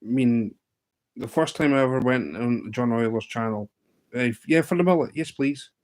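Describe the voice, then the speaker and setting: A man's voice: medium pitch, normal speed, poor audio. A man hosting a casual livestream, telling fishing stories in a chatty, laughing way. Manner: chatty storyteller, often laughing. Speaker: livestream host.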